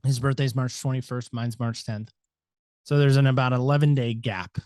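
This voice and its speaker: Talkative man guest, reflective, mid-pitched, dry close sound. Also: steady tone, normal speed, no room sound. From United States. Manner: talkative, reflective, varies loudness a lot. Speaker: podcast guest. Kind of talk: reflective interview talk.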